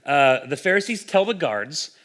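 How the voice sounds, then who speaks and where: A young adult man preaching a sermon in a relaxed, conversational way, animated and acting out the voices he quotes. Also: a little high, moderate pace. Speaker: pastor.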